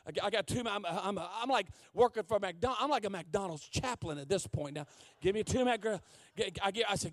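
A male preacher delivers a storytelling sermon in a high, lively voice that leaps across its range. He drops to hushed asides and then climbs to full shouts. The sound is dry and close. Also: a little fast, no room sound. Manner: animated, comic, swings from hushed asides to shouting. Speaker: guest preacher.

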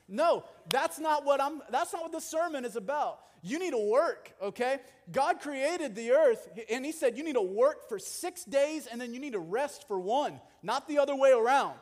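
A young man preaching a sermon in a conversational, animated way with jokey asides. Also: very high voice, normal speed. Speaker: pastor. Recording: long hall reverb.

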